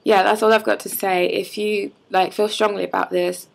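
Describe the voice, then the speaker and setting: Young woman, heavy vocal fry, breathy husky tone, heated casual vlog rant. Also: medium pitch, flat delivery, normal speed. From London. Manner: heated, frequent "like" fillers. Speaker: vlogger.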